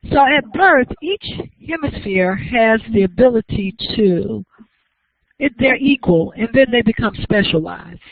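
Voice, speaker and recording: A woman lecturing to a class, explaining each idea patiently and often pausing to ask whether everyone follows. The recording is dry and thin, with a narrow, phone-like sound. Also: a little high, animated, creaky, no echo. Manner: explanatory, checks understanding with frequent questions. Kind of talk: university lecture.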